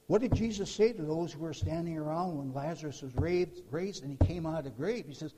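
Speaking fairly quickly, this male preacher has a high, mellow voice with a slightly rough edge. He narrates his sermon in emphatic bursts and repeats words to press his points, and the sound echoes with the long reverb of a large hall.

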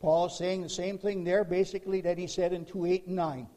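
A male preacher gives a sermon in a high, mellow voice, with a level tone and a slightly fast pace. He tells the story in emphatic bursts, repeating words to drive his points home, and the long reverb of a large hall rings around him.

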